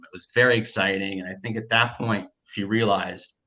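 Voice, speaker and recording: Excitable man with a bright, lowish voice. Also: fairly quick. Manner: excitable, lots of filler words and restarts. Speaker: storyteller recounting a personal experience. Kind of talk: casual conversational storytelling.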